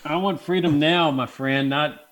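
A man's voice: fairly high pitch, measured pace, fairly bright tone. A male guest in a political talk interview, speaking bluntly and emphatically.

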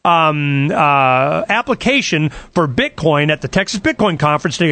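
A man telling a long story in an excited, sarcastic rant, acting out what others said to him. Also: high-pitched, a little fast, few pauses, no echo. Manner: excited, sarcastic, quotes others in retold dialogue. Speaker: political campaigner.

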